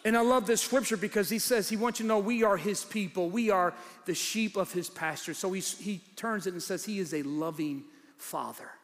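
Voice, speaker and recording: Man preaching a sermon in a hall. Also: fairly quick. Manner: builds from low, soft teaching to shouted, rhythmic preaching. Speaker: pastor. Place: large church hall with congregation. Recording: long hall reverb, faint crowd.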